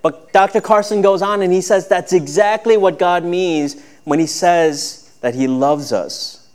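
A man preaching a sermon as a pastor, talking in a conversational way and acting out quoted voices with lively shifts. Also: high-pitched, a little slow, clean tone.

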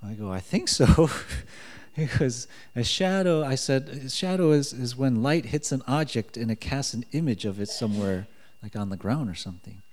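A man preaching a sermon in a relaxed, conversational way, joking and chuckling as he talks. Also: medium pitch, moderate pace.

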